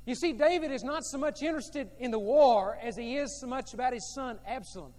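High-voiced preacher in an echoing hall. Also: male voice, animated, brisk, hardly any pauses. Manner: emphatic and repetitive, swinging between loud and hushed. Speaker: pastor. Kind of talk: sermon. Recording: long reverb of a large hall.

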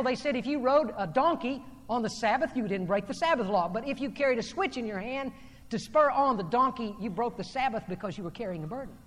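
A male preacher delivering a sermon, swinging from loud, declaiming passages to low, intense murmurs. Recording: long hall reverb.

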